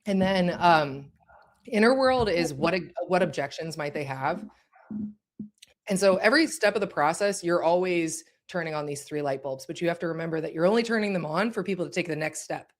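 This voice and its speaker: Low-voiced woman teaching a course. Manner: direct, checks in with listeners. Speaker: course instructor. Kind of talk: conversational teaching.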